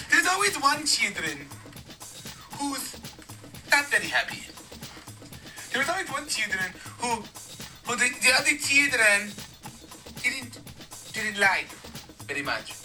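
A man's voice: extremely high pitch, big pitch swings, heavily acted. A man playing a solemn male priest delivering a rambling mock sermon, recorded from a distance with faint music behind. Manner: slow, rambling, grows tearful and shouting.

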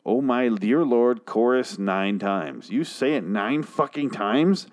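A man's voice: medium pitch, lively intonation, slow pace, few pauses, darkish tone. A drunk man hosting a comedy show, ranting angrily and profanely with exasperated outbursts. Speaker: show host. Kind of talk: comedic rant reviewing song lyrics.

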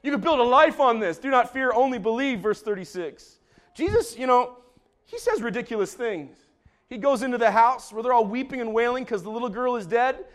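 Animated preacher with lively pitch. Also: male voice, a little fast. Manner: animated, swings from hushed to shouting. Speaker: pastor. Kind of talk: sermon. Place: church sanctuary.

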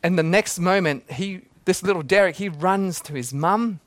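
A man's voice: high-pitched, moderate pace, no echo. A man, preaching a sermon in a casual, joking way and laughing often. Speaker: pastor.

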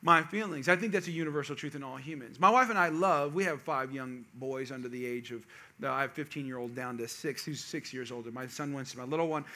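A man telling a humorous family story to a live audience, with chatty asides to the crowd. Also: medium pitch. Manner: animated, jokey asides to the audience; quick, chatty, self-interrupting. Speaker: speaker addressing a live audience.

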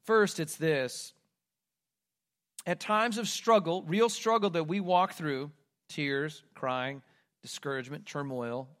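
A man preaching a sermon, reading scripture aloud and moving between loud, pleading cries and hushed, quiet lines. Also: fairly high pitch. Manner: reads scripture aloud with emphasis. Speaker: pastor.

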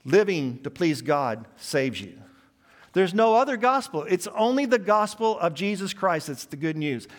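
A man's voice: high voice, very animated, unhurried. A man preaching a sermon, emphatic and building long repeated lists.

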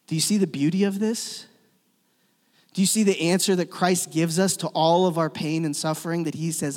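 A man preaching a sermon as a pastor, swinging between loud emphatic lines and hushed, slow ones. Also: fairly high pitch. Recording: long reverb of a church hall.

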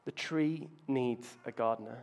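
A man's voice: mid-range voice, unhurried, a little mellow. A man preaching a sermon, telling self-mocking stories with playful asides. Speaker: pastor.

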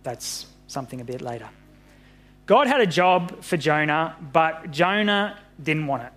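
A man reading a Bible story aloud to children in an animated, friendly way. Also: on the high side, a little slow. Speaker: pastor.

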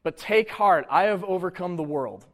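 A male pastor preaching in a relaxed, conversational manner, his voice sitting a little higher than most men's. He mixes scripture reading with casual asides and questions to the congregation. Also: normal speed. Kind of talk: sermon.

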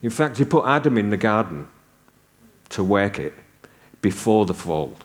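Man preaching, low voice. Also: big pitch swings, normal speed. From north of England. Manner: conversational storytelling with humor. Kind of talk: sermon.

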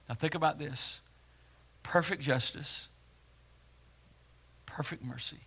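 A male pastor preaching a sermon in a dramatic way, swinging from hushed words to loud ones. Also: a little high, slow pace, long pauses, breathy edge.

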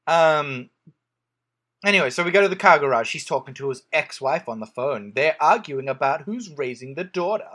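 A podcast co-host chats casually while recapping a film, his expressive voice bouncing up and down in pitch as he cracks jokes. He talks at a normal speed with a fairly bright tone, rambling, restarting sentences, and circling back with "um" and "anyway."

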